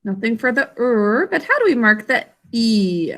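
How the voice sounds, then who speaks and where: A woman teaching a class over a video call, encouraging and sounding out words slowly. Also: a little high, very animated, fairly bright tone.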